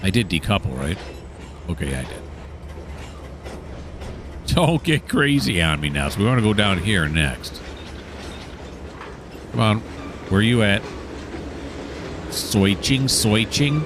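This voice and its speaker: Low chatty man narrating his game. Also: very animated, measured pace, long pauses, background noise. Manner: chatty, talks to himself and the game, mildly sarcastic. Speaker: gaming channel host. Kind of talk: casual let's-play commentary.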